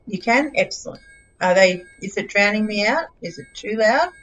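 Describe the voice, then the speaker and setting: A woman's voice: mid-range voice, expressive, normal speed, fairly bright tone, poor audio. A middle-aged Australian woman streaming a game live, chatting casually in a scattered, giggly, self-mocking way.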